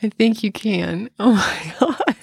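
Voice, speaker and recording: A woman's voice: medium pitch, lively intonation, takes it slowly, vocal fry, breathy edge, no room sound, studio quality. A middle-aged woman co-hosting a podcast in casual chat, rambling with restarts and laughing often. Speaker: podcast co-host.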